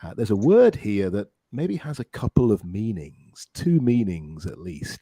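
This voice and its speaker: A low-voiced man teaching English on a podcast, with a mellow tone and lots of lively rise and fall. He praises his student often and drills words slowly and clearly. The sound is dry and close. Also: dry recording.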